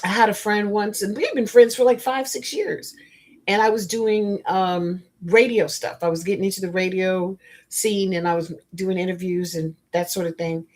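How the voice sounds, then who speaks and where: A woman with a husky, slightly breathy voice hosts her own spiritual coaching podcast. She talks straight to her listeners, blunt and emphatic, slipping into stories and frank asides. Her pitch sits in a comfortable middle range. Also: steady tone, normal speed, darkish tone. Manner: storytelling and preachy, addressing listeners directly. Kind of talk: motivational podcast monologue.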